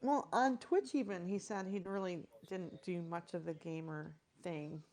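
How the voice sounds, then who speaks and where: A woman's voice: fairly low pitch, measured pace, a little mellow. A woman from Michigan's Upper Peninsula with an Upper Midwest accent, chatting casually as a co-host on a live art stream and using lots of "like" and "you know". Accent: Upper Midwest American. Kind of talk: casual chat while drawing.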